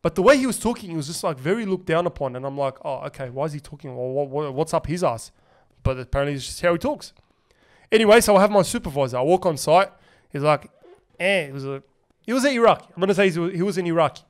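A young Australian man hosting a podcast, telling a story in animated, slangy casual chat full of swearing. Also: fairly high pitch, quick pace. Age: young adult. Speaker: podcast host.

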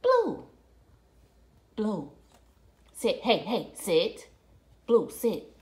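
A woman's voice: mid-range voice, huge pitch swings, very slow, a little mellow. A woman talking to her dog on camera at home, scolding and coaxing it in a sing-song pet-talk voice. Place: at home by a window.

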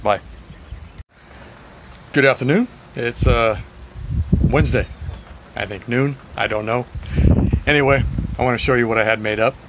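A man chatting in a rambling, frank video diary, slightly raspy and short of breath. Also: mid-range voice, moderate pace, pauses often, noisy background. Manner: rambling, frank, swears at times. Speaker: vlogger.

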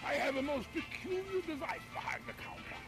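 An actor playing an excitable male shopkeeper with a put-on British accent and fussy, theatrical exclamations. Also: very high voice, brisk. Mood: salesy. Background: game music.

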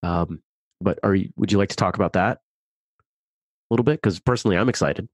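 Male podcast host, very low voice, casual and keen, dry close sound. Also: normal speed, no room sound. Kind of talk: casual interview chat.

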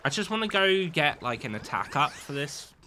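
An excitable, chatty streamer whose pitch leaps and plunges all over the place. The voice is bright and forceful, and the talk runs as loose live gameplay commentary with casual swearing. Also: moderate pace, slight background noise.

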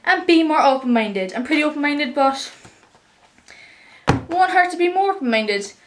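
A woman's voice: high voice, expressive, moderate pace, noisy background. A teenage girl with an Irish accent chatting to the camera in a casual, rambling and upbeat way. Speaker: vlogger.

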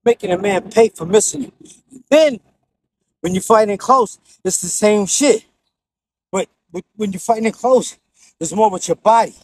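A man's voice: high-pitched, normal speed, long pauses, no room sound, low-quality recording. A man with a New York accent giving casual, blunt and profane boxing tips while he demonstrates the moves. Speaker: boxing instructor.

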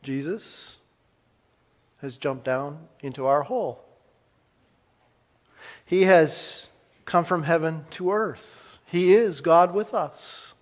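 Male pastor preaching in an echoey hall. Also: a little high. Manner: dramatic pauses, swings from emphatic to hushed. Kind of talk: sermon.

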